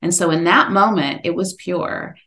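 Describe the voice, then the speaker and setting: A middle-aged woman telling her own story as an interview guest, earnest and animated when she quotes herself and others. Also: fairly low pitch, normal speed. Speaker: podcast guest, author.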